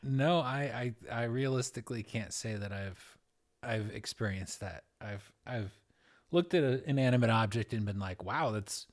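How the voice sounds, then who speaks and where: A man's voice: mid-range voice, normal speed. A man co-hosting a podcast, answering in a dry, casual way. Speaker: podcast co-host.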